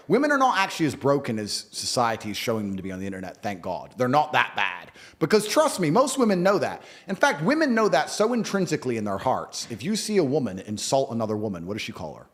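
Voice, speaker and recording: A man talking forcefully and emphatically as an interview guest, jumping between loud points and low asides. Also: wildly swooping pitch, fast talker, hardly any pauses. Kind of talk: opinionated interview talk.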